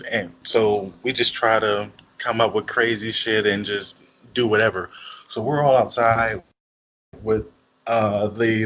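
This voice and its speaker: Relaxed young Jersey man, faint hiss. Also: fairly low pitch, rough recording. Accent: New Jersey. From Newark, New Jersey. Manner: relaxed, rambling, with restarts. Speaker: host. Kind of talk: casual chat.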